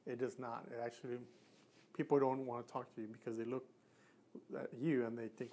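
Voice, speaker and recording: A man coaching An earnest man explains habits and how to fix them, talking straight to the camera in a plain, mid-pitched voice. He often breaks off and restarts his sentences as he demonstrates. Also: flat delivery, a little fast, mellow. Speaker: communication coach. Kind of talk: instructional talk to camera.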